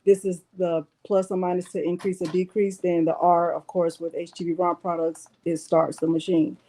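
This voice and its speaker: A woman's voice: lowish voice, flat delivery, moderate pace, mellow. A woman hosting a casual crafting livestream, chatting to viewers as she walks through a machine's controls. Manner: chatty, addresses viewers as y'all. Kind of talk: casual live demo chat.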